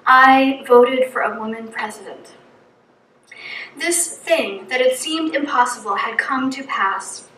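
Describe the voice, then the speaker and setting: A woman's voice: high-pitched, slow, pushed and bright, reverberant, recorded from a distance, slight background noise, rough recording. A middle-aged woman from New England gives an earnest personal reflection from a church pulpit, telling a story and reeling off long lists. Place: church hall.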